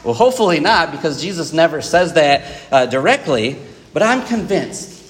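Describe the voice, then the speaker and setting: A man's voice: fairly high pitch, sing-song, moderate pace, long reverb tail. A man preaching a Sunday sermon in a church, talking conversationally to the congregation with frequent fillers and asides. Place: church auditorium.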